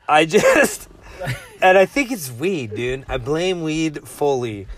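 A man's voice: fairly high pitch, big pitch swings, extremely slow. A man hosting a casual late-night podcast chat outdoors, loose and swearing, saying dude constantly, often laughing. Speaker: podcast host. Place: outdoors in front of a house.

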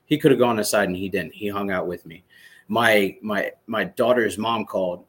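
Brief: man, 30s, from Michigan, ex-soldier guest, lower voice, animated profane storyteller. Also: moderate pace, slightly rough. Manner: animated, swearing, excited storyteller. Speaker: podcast guest, former soldier. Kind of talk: casual storytelling interview.

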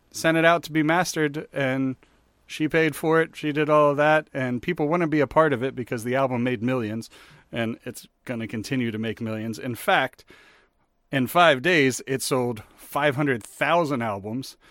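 A male podcast co-host meanders through a story in casual conversation, dropping many fillers. His mid-range voice is fairly bright, with fairly even intonation and a normal speed, captured in studio quality with no room sound.

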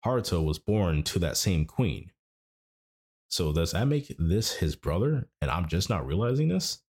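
Man, very low voice, casual anime recap, rambling, self-correcting. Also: very animated, measured pace, darkish tone, slightly rough. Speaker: anime podcast host.

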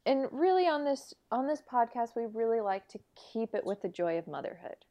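A woman's voice: a little high, sing-song, fairly quick, dark tone. A young adult woman co-hosting a podcast, chatty and agreeable, filling her talk with "like" and "you know". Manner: chatty, agreeable, many fillers like "like". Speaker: podcast co-host. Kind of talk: casual podcast chat.

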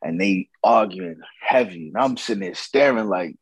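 A man's voice: sits low, expressive, normal speed, breathy edge, no room sound, rough recording. A man telling a casual story about a night out, slangy and profane, acting out what others said.

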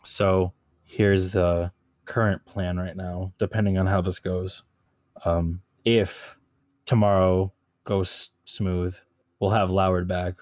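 A man's voice: low voice, a little mellow, dry recording, clean studio sound. A man playing his character in a tabletop game, speaking casually and hesitantly, often restarting his sentences. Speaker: player.

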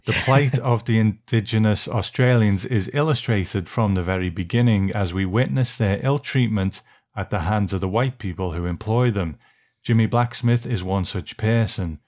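A man co-hosting a film podcast, easygoing and quick to laugh as he recaps a film's plot. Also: fairly low pitch, a little mellow. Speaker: podcast co-host. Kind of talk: casual chat and reading a plot summary.

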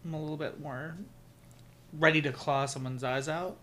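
A man's voice: a little high, steady tone, normal speed, a bit bright, slight background noise. A young man co-hosting a podcast, chatting casually in a sassy, profane, teasing way. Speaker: podcast co-host. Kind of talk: casual chat.

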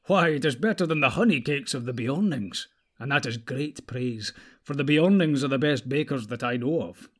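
A blunt, hearty dwarf, as a storyteller voices him, gives his opinion with emphasis and a touch of gruffness. The voice is slightly raised and a little louder than the narrator's usual reading. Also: mid-range voice, animated, moderate pace. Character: gruff, doubtful male dwarf, hearty when pleased.

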